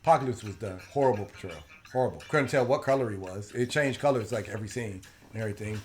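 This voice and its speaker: A man co-hosting a casual comic book debate show, talking in an animated, slangy way and often repeating himself. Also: fairly low pitch, quick pace, slight background noise. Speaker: podcast co-host.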